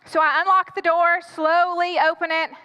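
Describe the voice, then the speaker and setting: A woman pastor tells a personal story from the pulpit, dramatic and animated as she acts out her own panic. Her voice sits very high and sounds bright and forceful. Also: moderate pace, in a large hall, dull audio. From United States. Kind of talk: storytelling sermon.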